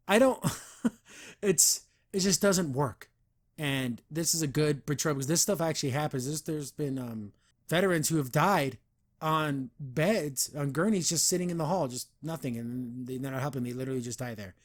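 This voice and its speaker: A man's voice: fairly high pitch, animated, fairly quick. Earnest rambling man reviewing comics. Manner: earnest and rambling, frequent restarts and fillers; gets heated about the veterans system. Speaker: podcast host reviewing comics. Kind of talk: casual comic review chat.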